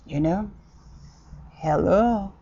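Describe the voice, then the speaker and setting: A woman ranting bluntly and sarcastically in a casual vlog, jumping from loud outbursts to low mutters. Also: extremely slow, vocal fry, husky, lo-fi sound. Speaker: vlogger.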